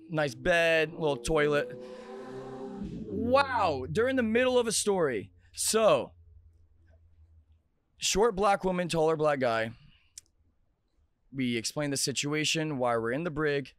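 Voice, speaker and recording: A man hosting a podcast from a restaurant bar, with a voice a little higher than most men's. He talks in a lively, joking, casual way as he spins his anecdotes. The sound is close and dry, with almost no room echo. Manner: energetic, joking. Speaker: podcast host. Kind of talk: casual storytelling chat.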